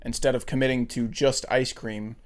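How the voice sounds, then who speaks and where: A man co-hosting a podcast, chatting casually about a film in a thoughtful, hesitant way with frequent pauses. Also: medium pitch, flat delivery. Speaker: podcast co-host.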